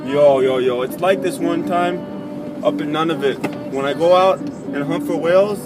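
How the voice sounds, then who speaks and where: A man's voice: on the high side, moderate pace. A young man from Canada, goofing around in a comedy sketch with exaggerated exclamations. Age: young adult. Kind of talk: comedic sketch banter with a put-on Canadian manner. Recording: music playing underneath.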